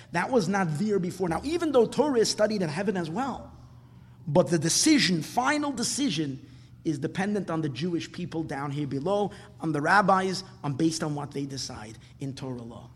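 A man's voice: fairly high pitch, slightly rough, in a large hall. A man teaching a Talmud class, telling the story with animation and mixing Hebrew-Aramaic quotes into his English explanation.

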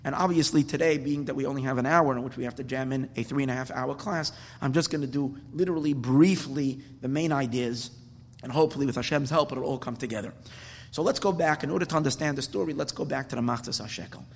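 A man's voice: medium pitch, quick pace. A man teaching a Torah class as a rabbi, enthusiastic and rambling with frequent restarts. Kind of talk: religious lecture. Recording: long hall reverb.

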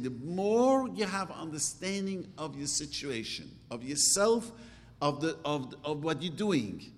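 A man's voice: medium pitch, a bit bright. A middle-aged man giving an earnest sermon as a religious teacher, repeating phrases and asking rhetorical questions. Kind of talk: sermon to a live audience. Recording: long hall reverb.

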